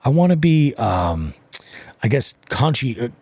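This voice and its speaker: A man's voice: medium pitch, sing-song, unhurried, darkish tone, slightly rough, no room sound. A man co-hosting a podcast, telling a story in casual, profane chat and acting out his own quotes. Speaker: podcast co-host.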